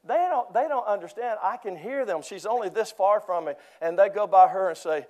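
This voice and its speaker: A man's voice: high voice, lively intonation, fairly quick, few pauses, a little mellow. An older man preaching a sermon in church, telling jokes and chuckling often. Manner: joking storyteller, chuckling often. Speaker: pastor.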